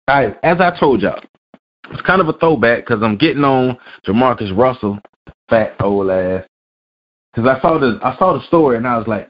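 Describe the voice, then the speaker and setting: A man's voice: mid-range voice, lively intonation, fairly quick. A man hosting a weekly sports rant, reading news aloud and bluntly cursing. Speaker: vlog host. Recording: dull lo-fi recording.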